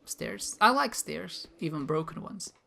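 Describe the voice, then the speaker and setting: A man's voice: fairly high pitch, lively intonation, a little slow, gravelly, pushed and bright. A man giving playful, self-mocking commentary as he plays a game, talking back to enemies. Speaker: gamer, video host. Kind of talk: live gameplay commentary.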